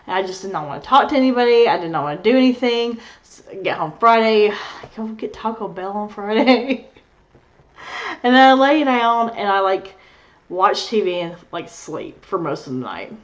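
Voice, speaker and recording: A woman's voice: mid-range voice, muffled recording. A young adult woman vlogging, telling a rambling story in casual chat and laughing as she goes. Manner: candid, rambling, laughs through her story.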